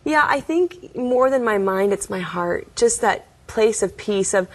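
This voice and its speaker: A woman, likely in her thirties, telling her faith story as an interview guest, earnest and often laughing softly. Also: mid-range voice. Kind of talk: testimony in a studio interview.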